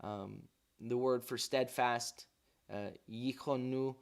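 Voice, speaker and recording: A man teaches a morning devotional at a middle pitch, earnest and unhurried. He thinks aloud, restarting phrases and filling pauses with "um" and "uh". He stops to sound out Hebrew words as he unpacks them. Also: fairly even intonation, gravelly. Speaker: pastor.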